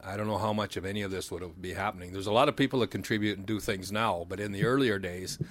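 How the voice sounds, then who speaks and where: Rambling low-voiced man telling stories. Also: steady tone, slight background noise. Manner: rambling, self-deprecating, quick to joke. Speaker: pit band musician and community theatre bit player. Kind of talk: casual interview storytelling.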